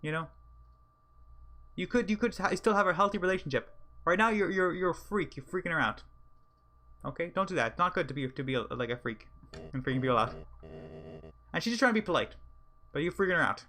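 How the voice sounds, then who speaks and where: A man's voice: a little high, expressive, brisk, long pauses, sharp tone. A man streaming a video game, talking casually in slang and rambling with frequent restarts. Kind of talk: live game commentary.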